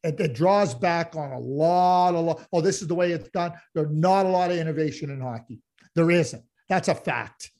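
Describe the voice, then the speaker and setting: This sports podcast co-host speaks at normal speed in a slightly high voice with a darkish tone. He's passionate in the casual chat, ranting and often restarting sentences and repeating words.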